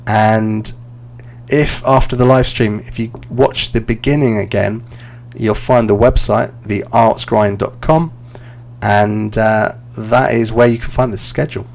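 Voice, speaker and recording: Relaxed London man teaching online. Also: on the low side, a little slow, gravelly. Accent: London English. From London, England. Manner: relaxed, chatty, reads and answers viewer questions with fillers. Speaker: English teacher. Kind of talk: live-stream lesson, casual teaching.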